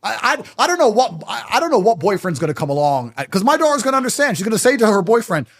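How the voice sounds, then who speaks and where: A man talking as a podcast guest, blunt and insistent. His pitch sits a little high and swings widely as he presses each point. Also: very animated, fast, a bit bright. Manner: blunt, emphatic and stubborn in tone. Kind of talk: casual podcast conversation.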